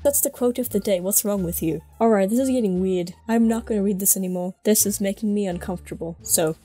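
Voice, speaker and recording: A woman voicing a haughty young aristocratic boy, reading fanfiction in character with sarcastic, exasperated commentary and a husky voice. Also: medium pitch, fast, warm tone, faint music behind, lightly acted.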